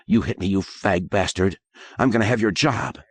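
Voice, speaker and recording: Male narrator doing a surly teen bully, crude and hostile, low dry voice. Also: moderate pace, slightly rough, dry recording. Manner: snarling, crude.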